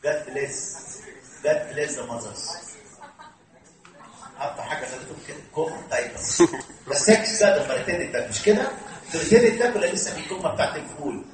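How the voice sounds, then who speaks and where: Older Egyptian-accented male preacher, high voice, fervent call-and-response delivery, heard far off in a very echoey hall. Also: rapid-fire, long pauses, a little hiss or hum. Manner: animated preaching, mixing English with Arabic, rallies audience call-and-response. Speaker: priest. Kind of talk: sermon. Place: large hall with audience.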